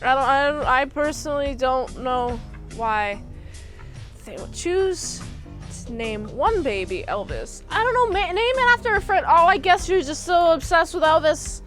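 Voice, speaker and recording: A woman's voice: high-pitched, lively intonation, unhurried, fairly bright tone, soft background music. A young woman casually recapping a movie, rambling with lots of fillers and popping into goofy impressions of the characters. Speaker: movie reviewer.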